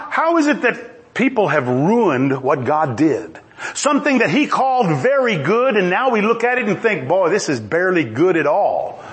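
A middle-aged man preaching a sermon in an animated, exclamatory way, acting out quoted voices. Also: on the high side. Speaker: pastor.

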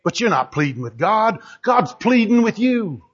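Impassioned man preaching, shouting then hushed, very animated pitch, muffled lo-fi sound. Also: moderate pace, slightly rough. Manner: impassioned, pleading, shouting at peaks then dropping low. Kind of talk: fiery sermon.

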